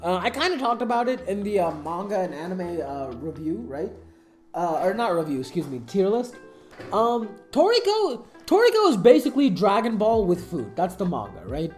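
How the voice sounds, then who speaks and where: A woman in casual commentary, gushing and profane, a fan who gets swept up in what she loves. Her pitch swings in a lively way. The room is roomy and echoey, with faint music behind. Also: moderate pace. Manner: excitable, profane, emotional fan talk. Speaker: anime commentator.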